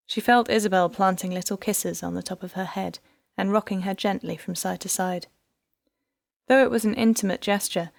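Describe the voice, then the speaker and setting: A woman narrating an audiobook in a soft, measured way. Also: vocal fry, no echo, clean studio sound. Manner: soft, measured, lowered narration between dialogue.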